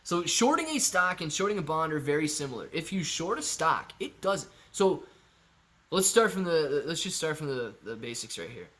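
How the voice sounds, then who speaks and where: A man with a fairly high speaking voice hosts a casual live stream. He reads out viewers' comments, calls them "man" and "dude", and patiently walks through his answers. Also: sing-song, normal speed, fairly bright tone. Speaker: live-stream host answering chat questions.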